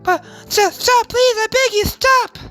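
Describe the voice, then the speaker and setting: A woman's voice: very high-pitched, unhurried, fairly bright tone, faint music behind, voice pushed up. A woman voicing an obsessive, lovestruck young woman with a machete, who stammers and pleads breathlessly. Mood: panicked.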